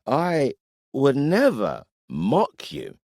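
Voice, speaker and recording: Male narrator playing a tipsy young warrior in love, earnest and slow, audiobook. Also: medium pitch, huge pitch swings, a little mellow, dry recording, clean studio sound, pitched above the performer's own voice. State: drunk.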